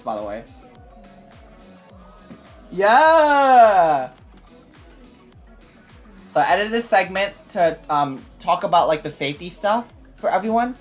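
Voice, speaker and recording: Woman streamer, lower register, chatty and filler-heavy, faint music bed. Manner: rambling, filler-heavy, excitable. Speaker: VTuber streamer. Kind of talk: casual stream recap. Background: faint background music.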